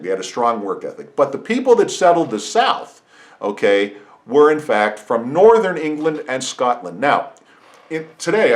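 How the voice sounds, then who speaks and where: Middle-aged man, podcast host, opinionated monologue, rambling, restarts, mid-pitched voice. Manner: rambling, frequent restarts and asides. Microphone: podcast microphone.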